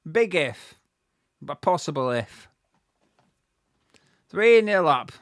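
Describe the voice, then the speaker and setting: A man giving live fan commentary on a football match, excitable and swearing freely, bursting into shouts at big moments. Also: on the high side, slow pace, no echo, clean studio sound.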